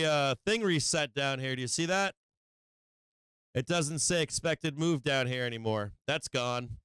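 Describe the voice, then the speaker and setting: A man's voice: fairly high pitch, fairly bright tone, clear, resonant tone, no room sound. Profane, agitated man hosting a market livestream. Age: adult with children. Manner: profane, agitated, rapid-fire. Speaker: stock market livestream host. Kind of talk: live market commentary to viewers. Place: home office.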